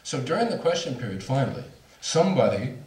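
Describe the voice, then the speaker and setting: A man's voice: mid-range voice, sing-song, fast talker, a little mellow. A middle-aged man speaking to an audience, telling a personal story in a candid, self-mocking way with laughs. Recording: roomy hall, voice from far off.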